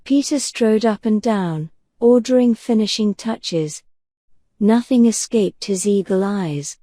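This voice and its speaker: Soft-spoken woman reading a bedtime story. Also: mid-range voice, dry recording. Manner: gentle, unhurried, soothing. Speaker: audiobook narrator.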